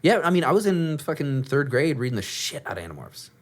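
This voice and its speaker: A man's voice: on the high side, fast talker. A man in his thirties co-hosting a casual podcast, rambling and swearing as he talks. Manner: rambling, profane, lively. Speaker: podcast co-host. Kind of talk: casual chat.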